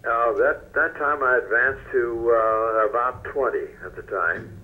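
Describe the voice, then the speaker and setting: An older man from North Carolina, a retired newscaster telling stories in an interview in a folksy, unhurried way. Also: medium pitch. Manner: folksy, unhurried, trails off softly. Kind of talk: relaxed storytelling interview. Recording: dull lo-fi radio recording.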